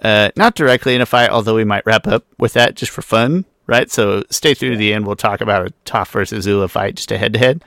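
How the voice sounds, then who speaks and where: A man hosting a casual podcast chat, chatty and quick with asides as he introduces the show. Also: fairly low pitch, fairly bright tone, dry recording, studio quality. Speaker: podcast host.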